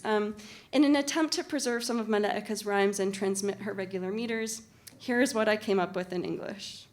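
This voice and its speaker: Woman giving an academic conference talk. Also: mid-range voice. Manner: measured, articulate reading with occasional fillers. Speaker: conference panelist and literary translator. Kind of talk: academic conference talk read from a prepared text. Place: university conference room.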